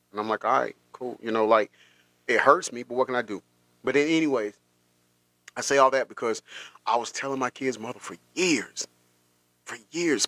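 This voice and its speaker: A man hosting a podcast, telling a personal story in a halting, emotional way with many restarts. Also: medium pitch, bright, forceful tone, dry recording. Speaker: podcast host.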